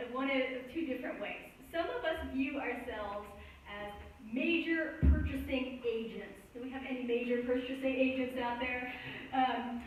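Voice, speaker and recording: A woman co-preaching a sermon in a light-hearted way, laughing easily between points. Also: sits high. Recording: echoey church hall from a distance, faint noise.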